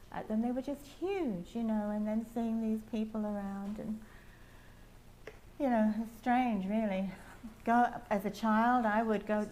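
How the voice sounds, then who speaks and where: An older woman with an English accent, sharing a meandering personal testimony with soft laughs. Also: mid-range voice, a little hiss or hum. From England. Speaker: testimony speaker at a prayer house.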